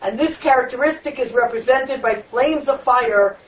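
A woman's voice: on the high side, moderate pace. A woman teaching a Torah lecture on the weekly portion in an emphatic, repetitive preaching cadence. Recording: distant, dull lo-fi room recording.

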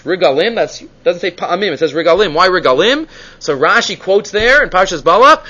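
A man's voice: sits high, lively intonation, fairly quick, sharp tone, slightly rough, low-quality recording. A man teaching a Torah lecture, mixing in Hebrew terms and rising and falling for emphasis.

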